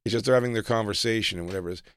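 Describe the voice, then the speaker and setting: Low-voiced profane comedy co-host. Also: male voice, rapid-fire, a bit bright, smooth, dry recording, studio quality. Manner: profane, riffing, slips into goofy voices. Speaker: podcast co-host. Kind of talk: casual comedic chat.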